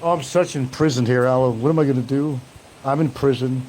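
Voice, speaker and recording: A man's voice: medium pitch, fairly quick, darkish tone, slight background noise, close to an everyday voice, rough recording. A man mocking a whiny self-pitying prisoner. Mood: whining. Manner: whining, mocking.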